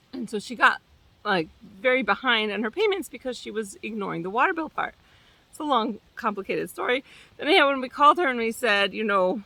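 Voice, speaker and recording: A woman property manager telling stories casually in a chatty, animated way, with fillers and restarts. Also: a little high, no echo. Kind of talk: casual storytelling vlog.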